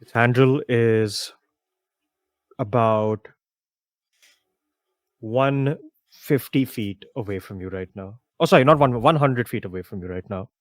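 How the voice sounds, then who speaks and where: A man's voice: mid-range voice, a little slow, pauses often, dry recording. A man narrating as game master for a tabletop game, casual with lots of fillers.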